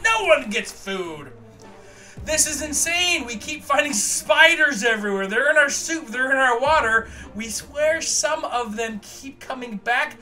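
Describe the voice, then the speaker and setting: A man hosts a let's play, reading the game's text aloud in a bright, forceful voice. He gives the lines mock drama and jokes at his own slips. Faint game music plays behind him. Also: extremely high pitch. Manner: jokey, reads game text with mock drama, laughs at himself.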